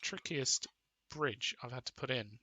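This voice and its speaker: A man's voice: medium pitch, measured pace, bright, forceful tone, slightly rough. A man giving casual commentary while playing a game, muttering to himself and getting mildly exasperated. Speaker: gaming video creator.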